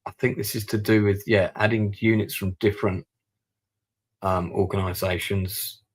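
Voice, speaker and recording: Male streamer, deep husky voice with fry, mutters his moves while he plays. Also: steady tone, normal speed. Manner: thinking aloud, muttering over his moves. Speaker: streamer playing a strategy war game. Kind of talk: live-stream gameplay commentary.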